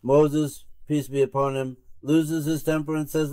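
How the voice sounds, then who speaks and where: A male preacher tells a sacred story to his listeners, marking each speaker as he goes. His voice is smooth and resonant. The sound is close and dry, with no room ring. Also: a little high, flat delivery, unhurried, mellow, dry recording. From Turkey. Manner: retells a tale with many "he says" tags. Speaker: sheikh preaching to his circle. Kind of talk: sermon storytelling.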